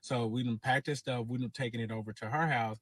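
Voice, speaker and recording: A man spins a personal story for his channel in loose, casual talk. He swears freely, circles back and repeats himself, and his voice sits in an ordinary middle pitch. The sound is dry, with no room around it. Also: steady tone, a little fast, no room sound. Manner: profane, rambling, repeats himself. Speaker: host.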